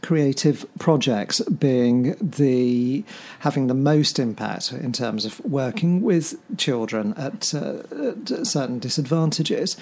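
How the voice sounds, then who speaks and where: An interviewer speaking in a measured, affirming way, summing up and asking follow-ups. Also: mid-range voice, expressive, mellow. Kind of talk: conversational interview.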